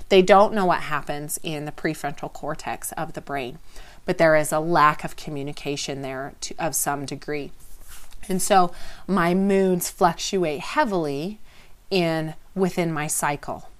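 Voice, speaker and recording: A woman's voice: sits low, measured pace. A woman teaching an informal lesson in a conversational way, explaining by example, checking in with the listener and often restarting her phrases. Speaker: wellness teacher.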